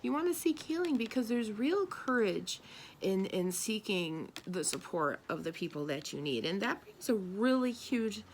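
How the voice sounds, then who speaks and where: A woman's voice: medium pitch, big pitch swings, moderate pace, a little hiss or hum. A woman doing a tarot and spirit reading for an audience, talking bluntly and with emphasis, swearing now and then. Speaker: tarot reader.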